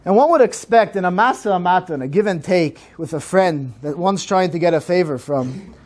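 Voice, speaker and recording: A man giving a solemn, measured sermon-style talk at a synagogue program. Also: sits high, animated, darkish tone.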